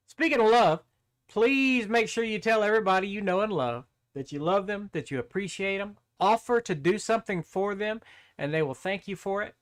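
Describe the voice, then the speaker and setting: A high-voiced man hosting a homespun tech-tips video, chatting in a folksy, rambling way. He talks straight to his viewers like friends, with plenty of asides and apologies. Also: fairly bright tone. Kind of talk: casual talking-head vlog.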